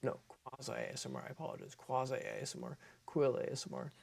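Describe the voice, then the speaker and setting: A man's voice: medium pitch, quick pace, vocal fry, a little mellow. A man who makes ASMR videos, talking casually to camera and often stopping to correct himself as he reads through a list. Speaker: ASMR creator.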